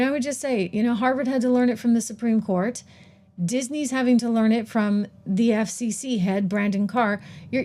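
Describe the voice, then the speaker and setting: A middle-aged woman hosting a live-streamed opinion show, talking in an emphatic, animated way with quick asides and rhetorical questions. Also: a little high. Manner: laughs at herself while typing on air. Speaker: host of a live political and investing show.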